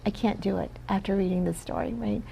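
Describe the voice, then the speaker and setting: Earnest woman with a gravelly voice. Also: mid-range voice, brisk, dark tone, slight background noise, low-quality recording. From Philippines. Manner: earnest storytelling, often tags "right?". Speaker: guest. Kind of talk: casual interview talk.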